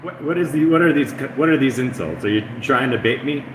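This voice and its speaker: A man's voice: medium pitch, animated, brisk, fairly bright tone. A man streaming live from his apartment, rambling in casual chatter and teasing his chat. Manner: rambling, teasing, mock-taunting. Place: apartment room. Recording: echoey room with air-conditioner hum.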